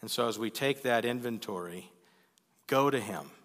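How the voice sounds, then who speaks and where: A male pastor delivers an earnest, pleading sermon in a bright, clear voice at mid pitch. His words ring out with a long reverb through a church sanctuary. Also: moderate pace. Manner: earnest, pleading, builds to loud emphasis.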